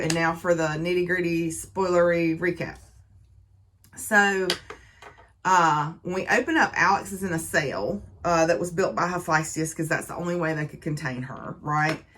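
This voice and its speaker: A woman's voice: on the low side, fairly bright tone, slight background noise. A woman giving a casual book review and recap, talking in a chatty, conversational way with plenty of fillers.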